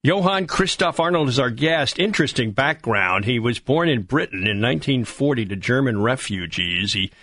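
A man's voice: medium pitch, fairly bright tone, dry recording. A male radio host in his seventies leads the interview in a friendly, upbeat manner. His voice sits in a middle range and sounds dry and close on a studio mic. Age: 70s.

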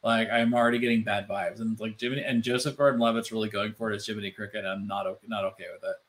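A man co-hosting a casual podcast chat, animated and loose, full of "like" fillers and swearing. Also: fairly low pitch, rapid-fire. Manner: animated, swearing, many "like" fillers, mimics voices. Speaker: podcast co-host.

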